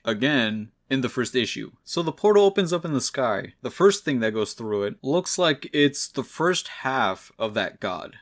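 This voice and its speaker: A man's voice: medium pitch, a bit bright. Man casually recapping a comic. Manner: casual, chatty storytelling. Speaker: comic book reviewer.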